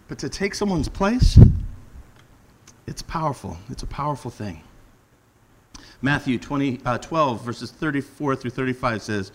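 A middle-aged man preaching a casual sermon, earnest and animated, slowing down to stress key words. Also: fairly high pitch, rough recording. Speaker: pastor.

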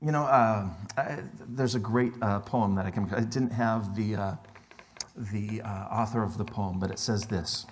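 A middle-aged male pastor delivering a sermon in an easy, conversational manner. His voice sits somewhat low, and he sinks to a hush when he wants a point to land. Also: fairly even intonation, moderate pace. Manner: conversational, drops to hushed tones for emphasis.

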